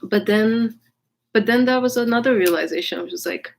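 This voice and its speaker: Her voice is on the high side at a normal speed, with vocal fry, and the low-quality recording has a little hiss or hum. In a casual vlog she tells a personal story candidly, swearing casually, rambling, and restarting often with fillers.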